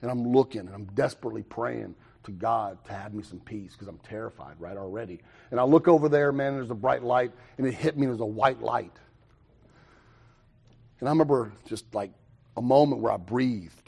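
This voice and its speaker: A young man telling his own recovery story to a meeting, animated, with quick asides and self-mocking humor. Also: medium pitch, vocal fry, slightly rough. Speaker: recovery speaker.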